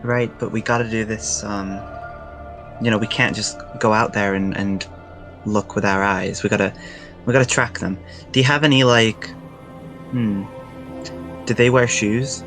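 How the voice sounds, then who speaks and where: A man's voice: fairly low pitch, steady tone, a little slow, long pauses, a bit bright, soft background music. A man playing in a tabletop game, talking casually. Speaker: player.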